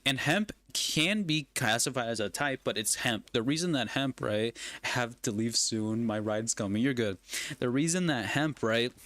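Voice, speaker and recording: A man's voice: mid-range voice, fairly bright tone, no room sound. A man streaming a video game, chatting casually and rambling, ending almost every phrase with "right?" or "you know what I mean?". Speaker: gaming streamer. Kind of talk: casual chat while gaming.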